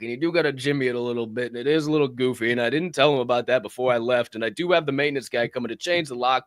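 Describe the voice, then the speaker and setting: A man's voice: fairly bright tone, no echo, studio quality. A man co-hosting a casual motivational talk show, telling a story in a profane, emphatic way. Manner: profane, emphatic storytelling with big pitch swings. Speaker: podcast co-host.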